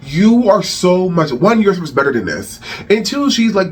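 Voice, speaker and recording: Exasperated high-voiced man ranting. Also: very animated, normal speed, few pauses, slight background noise. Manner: exasperated, profane, repeats phrases for emphasis. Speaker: host of a rant channel. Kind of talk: heated celebrity commentary rant.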